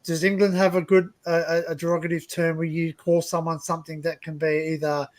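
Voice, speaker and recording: High-voiced Australian man, rambling host. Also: little pitch movement, fairly quick. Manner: rambling, repeats words, opinionated. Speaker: livestream host. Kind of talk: casual group chat.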